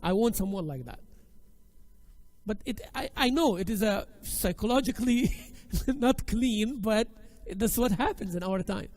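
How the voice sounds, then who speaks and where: A man's voice: high-pitched, lively intonation, a little slow, darkish tone. A male teacher lecturing a women's class, emphatic and exhorting, often repeating his key phrases. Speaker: Islamic studies teacher.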